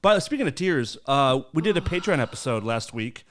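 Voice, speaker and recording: A woman's voice: a bass voice, very animated, fairly quick, slight background noise. Blunt, teasing woman podcast co-host. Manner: blunt, teasing, profane, laughs a lot. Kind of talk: casual podcast banter.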